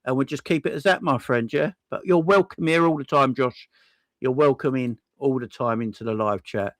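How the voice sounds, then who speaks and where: A man hosting a casual livestream, thanking viewers one by one in an excitable, effusive way with plenty of slang. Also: medium pitch, moderate pace, no room sound. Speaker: livestream host.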